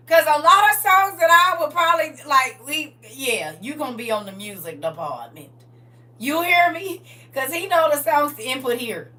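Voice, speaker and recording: A woman's voice: high-pitched, bright, forceful tone, distant mic. A woman teaching a livestreamed Bible study, reading scripture aloud and talking to her viewers directly in a casual, preachy way.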